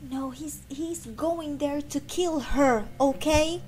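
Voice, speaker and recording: A woman's voice: sits high, takes it slowly. A woman hosting a reaction video, swearing, exclaiming and talking back at the screen as she watches a TV episode. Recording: show audio loud behind her.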